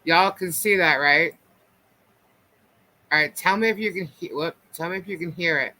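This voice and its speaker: A man hosts a casual live stream and talks to viewers in a rambling, filler-heavy way. His voice sits a little high and sounds bright. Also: moderate pace, rough recording. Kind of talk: casual live chat commentary.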